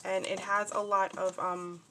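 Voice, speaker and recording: A woman's voice: medium pitch, level tone, unhurried, a bit bright, a little hiss or hum. A woman chatting casually as she shows off a handmade craft project, talking in a scattered way with many fillers and restarts. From New Jersey, USA. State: upset and shaken. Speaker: crafting vlogger. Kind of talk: casual crafting show-and-tell.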